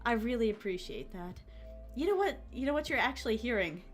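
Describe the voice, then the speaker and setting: A woman streamer chatting casually with her viewers and reading their comments, with a soft, relaxing, motherly voice. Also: on the high side, expressive, brisk, soft background music.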